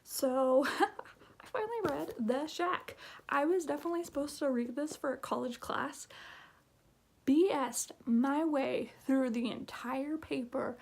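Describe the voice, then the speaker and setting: Woman, late 20s, husky high voice, chatty vlogger reviewing a book, lots of um and like. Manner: rambling, emotional, many fillers and half-whispered asides. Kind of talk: casual vlog book review.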